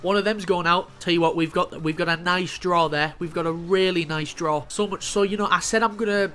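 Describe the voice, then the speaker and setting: A young man casually commentating his own football video game, excitable and sweary, calling the play as it happens. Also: high voice. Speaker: gaming YouTuber.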